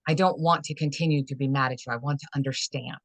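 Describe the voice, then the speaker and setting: A woman's voice: very deep voice, steady tone, quick pace, no room sound. A woman coaching guest telling a candid, frank personal story, restarting her phrases as she goes. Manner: earnest, frank, with frequent restarts. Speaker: holistic fitness and life coach guest.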